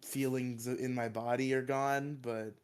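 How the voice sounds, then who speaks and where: A man's voice: mid-range voice, little pitch movement, unhurried, a little mellow, smooth. A young man, congested and coughing, rambling and swearing casually as a podcast co-host. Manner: swears freely, rambling and defensive.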